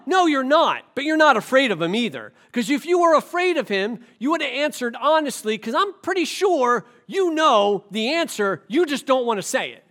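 A man preaching a sermon as pastor, impassioned, swinging from forceful emphasis down to low, quiet stretches. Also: big pitch swings, moderate pace. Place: church sanctuary.

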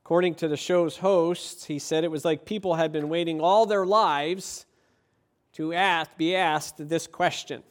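High-voiced man preaching a sermon. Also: fairly even intonation, a little slow. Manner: preaching with rhetorical questions. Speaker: pastor.

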